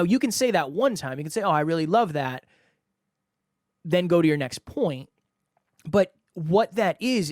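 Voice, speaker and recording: A man's voice: fairly high pitch, dry recording. Emphatic male podcast host, dry sound. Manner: emphatic, repeats key phrases, acts out example dialogue. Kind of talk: solo instructional podcast talk.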